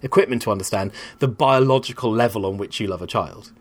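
A man's voice: on the low side, fast. A man in his thirties, a rambling and candid storyteller in casual conversation on a podcast.

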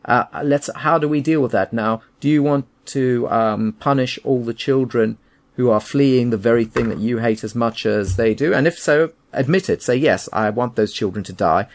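Creaky-voiced opinionated man. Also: medium pitch, moderate pace. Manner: opinionated, emphatic, with frequent restarts. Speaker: podcast co-host. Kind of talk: casual argumentative chat.

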